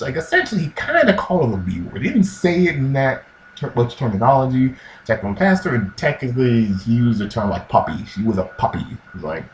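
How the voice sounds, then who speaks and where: A man giving casual religious commentary in a slangy, animated way, acting out quotes in different voices. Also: mid-range voice, brisk, slight background noise. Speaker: vlogger. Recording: echoey room with faint ambience.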